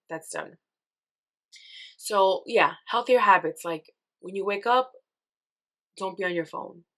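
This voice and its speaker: A young woman hosting a casual solo podcast, chatty and animated, telling stories and acting out her own reactions, with lots of "girl" and "like.". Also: fairly low pitch. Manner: says "girl" and "like" often. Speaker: podcast host.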